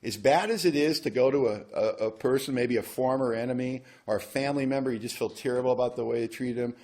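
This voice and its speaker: A man's voice: medium pitch, fast, darkish tone. A man speaking at a recovery workshop, telling a personal story in a wry, self-mocking way. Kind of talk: storytelling talk.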